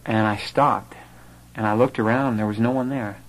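A man's voice: on the low side, normal speed, low-quality recording. A man telling a personal conversion story to a live audience in a conversational way, with some fillers. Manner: animated storyteller who acts out quoted voices.

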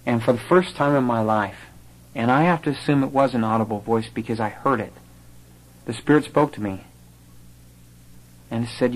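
A man with a mid-range voice tells a live audience the story of his own conversion, speaking at a moderate pace with frequent pauses and some fillers. He's an animated, conversational storyteller who acts out the voices he quotes. The recording is rough.

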